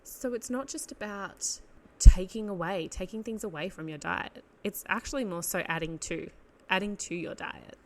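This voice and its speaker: A woman's voice: medium pitch, normal speed, a little hiss or hum. A young woman with an Australian accent hosting a casual solo podcast, talking in a rambling way full of "like" and self-corrections, and often laughing at herself. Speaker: podcast host.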